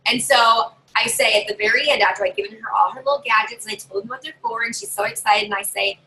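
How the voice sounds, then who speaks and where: A woman with a high, bright and rather sharp voice talks through her party-hosting tips from a desk at home. She is chatty and openly bossy, and often slips into acting out what she says to guests. A faint noise sits under her voice. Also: lively intonation, quick pace, creaky, low-quality recording. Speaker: direct-sales party consultant. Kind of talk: casual how-to tips to camera. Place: home desk with a drawer and her dog nearby.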